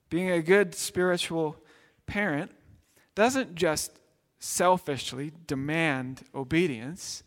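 A pastor with a high voice delivers a sermon in a reverberant hall. His preaching is conversational, with acted asides.

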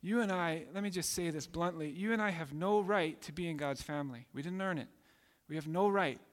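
Male preacher, emphatic sermon delivery, higher register, long reverb. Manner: emphatic, acts out voices in quotes.

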